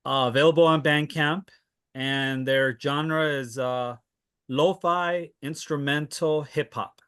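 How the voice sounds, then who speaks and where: A man talks through his favorite albums in a loose, casual way, pausing often with fillers and restarting his sentences. His delivery is slow and his tone is bright. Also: fairly high pitch, steady tone, smooth. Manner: unhurried, hesitant with many fillers and restarts. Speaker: music recommender on a panel. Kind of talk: casual chat.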